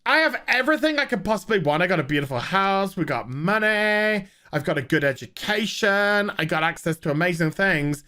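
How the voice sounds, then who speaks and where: A man's voice: high-pitched, animated, a little fast, hardly any pauses, pushed and bright. A man voicing a spoiled, petulant teenage girl in a whiny impression.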